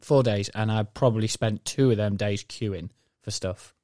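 A man, co-hosting a podcast, telling animated stories and swearing freely. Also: fairly low pitch, moderate pace, no echo, studio quality. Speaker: podcast co-host. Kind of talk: casual chat.

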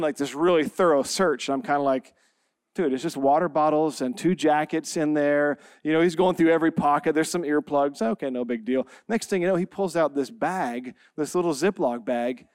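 A pastor in his forties kicks off his sermon with a funny story about himself, laughing often, before he reads scripture and prays. His voice is a little high with a darkish, clear, resonant tone. The recording is clean studio sound with no echo.

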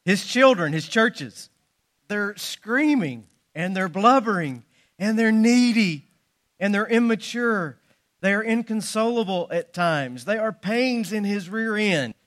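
A man preaching a sermon, telling folksy jokes and stories with animated emphasis. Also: high voice, slow pace. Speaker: pastor.

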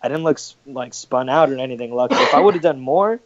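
Brief: cursing, rambling male storyteller, mid-pitched, dull lo-fi mic. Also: fast, a little hiss or hum. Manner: profane, rambling, acts out quoted voices. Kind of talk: casual storytelling.

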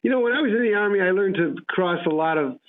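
This American man is an actor guest in a relaxed interview, wandering through anecdotes and performing other people's dialogue. His voice sits high and sounds animated, with a quick pace. The sound is thin and tinny, like a radio phone line.

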